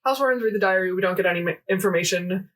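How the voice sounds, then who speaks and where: A woman's voice: medium pitch, very fast, recorded from a distance, crowd noise. Chatty young woman, slightly off-mic. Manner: rambling and animated, full of fillers and quoted dialogue. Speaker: podcast co-host. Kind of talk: casual chat recapping a game event.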